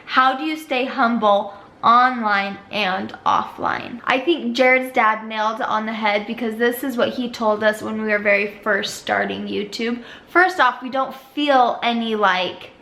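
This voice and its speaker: A woman's voice: a little high, fairly bright tone, reverberant. A young woman co-hosting a family vlog Q&A, speaking earnestly and sincerely. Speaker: vlogger co-host. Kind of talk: casual Q&A chat.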